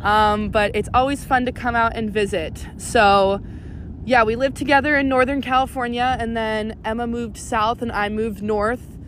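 A woman's voice: on the high side, steady tone, moderate pace. Bubbly young woman hosting outdoors. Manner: bubbly, giggly, chatty. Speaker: podcast host. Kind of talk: casual podcast chat. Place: outdoors in a city. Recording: outdoor noise behind.

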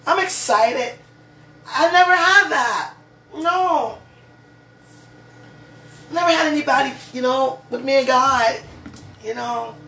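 A woman's voice: high voice, takes it slowly, vocal fry, pauses often. A woman talking casually and gushingly to her partner at home, rambling with many "you know"s and fervent religious asides. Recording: echoey room, far from the mic, steady background noise.

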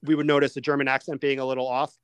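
A man hosting a casual movie-review podcast, steering the talk with lively asides and questions to his co-hosts. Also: medium pitch, clear, resonant tone, no room sound. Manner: animated, quick asides, steers the discussion. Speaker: podcast host.

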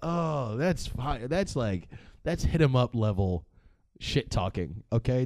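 A man's voice: medium pitch, very animated, normal speed, warm tone, no room sound. A man hosting a vlog, giving casual, joking commentary that rambles along with plenty of swearing. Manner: profane, joking and rambling with frequent laughs. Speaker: vlog host.

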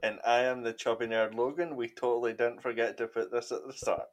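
A man's voice: mid-range voice, little pitch movement, a little fast. A man co-hosting a casual gaming podcast, talking in a dry, teasing way. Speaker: podcast co-host.

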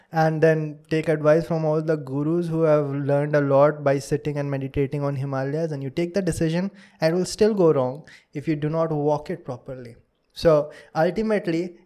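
A man's voice: on the high side, warm tone. A young man with an Indian English accent, hosting a casual podcast chat, rambling and laughing often. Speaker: podcast host.

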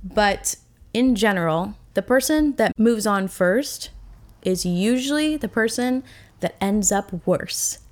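A woman's voice: medium pitch, expressive, takes it slowly. Candid young woman, rambling podcast talk. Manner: candid, rambling, many fillers and restarts; emotional and reflective. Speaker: podcast host. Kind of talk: casual solo podcast monologue.

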